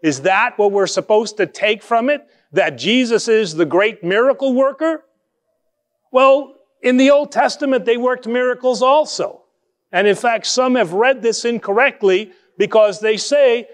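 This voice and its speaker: A male pastor giving a conversational sermon, asking rhetorical questions and shifting between quick asides and slow, emphatic phrases. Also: high voice.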